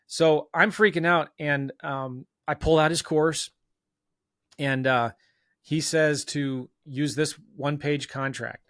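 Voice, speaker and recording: A man, a guest on an interview show, telling a self-mocking story in an animated, casual way and acting out bits of dialogue. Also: medium pitch, no echo, studio quality. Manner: loose talk full of fillers and restarts. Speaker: guest real estate investor.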